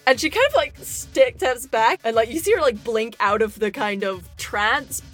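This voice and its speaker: Woman narrating a tabletop game, lively pitch swings, fairly high voice, faint music behind. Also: normal speed. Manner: animated, laughing often, many fillers. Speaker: dungeon master.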